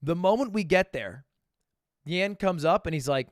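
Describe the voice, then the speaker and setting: A young man telling stories casually to his live stream audience, animated and swearing, with loud bursts and mumbled asides. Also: high voice, moderate pace, dry recording, studio quality.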